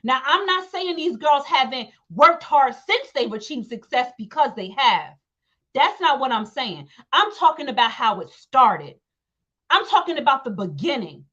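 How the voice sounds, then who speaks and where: A woman's voice: sits high, very animated, moderate pace, pushed and bright, muffled recording. A young woman hosting an opinionated commentary rant, emphatic and repetitive, often acting out quotes. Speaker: commentary channel host.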